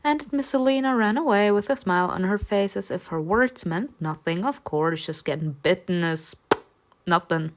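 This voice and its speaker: A woman reading a story game aloud and talking back to it, animated and dryly sarcastic in her asides. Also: mid-range voice, normal speed, a little hiss or hum.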